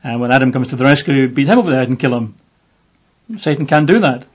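A man teaching from the Bible in a relaxed, conversational way, with lots of fillers, sometimes acting out the voices in the passage. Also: mid-range voice, fast talker, slightly rough. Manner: conversational, with many fillers, acts out voices in the reading. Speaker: preacher. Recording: dull lo-fi audio.

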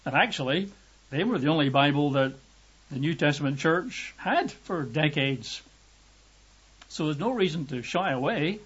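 A man from Britain preaching a lively, emphatic sermon, raising his voice to act out quotes. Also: moderate pace, breathy edge. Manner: lively emphatic, acts out quotes with raised pitch. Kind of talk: sermon teaching. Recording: dull lo-fi recording.

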